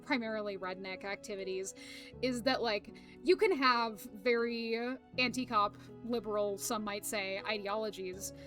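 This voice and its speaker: A woman's voice: mid-range voice, unhurried, fairly bright tone, faint music behind. A young woman streaming, chatting casually to viewers, rambling with lots of fillers, laughter and swearing.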